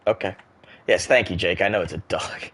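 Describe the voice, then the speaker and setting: A young man from the United States chats casually with viewers while he plays a game. He jokes and reacts out loud to what he sees. His voice is bright and forward, with a lively, sharp edge. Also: deep voice, brisk, husky. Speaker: streamer. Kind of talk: casual chat while gaming.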